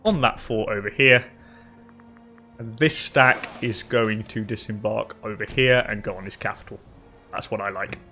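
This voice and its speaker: A man's voice: fairly low pitch, moderate pace, bright, forceful tone, soft background music. Rambling, chatty male gaming host. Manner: chatty, rambling, swears casually, talks to game characters. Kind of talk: casual let's-play commentary.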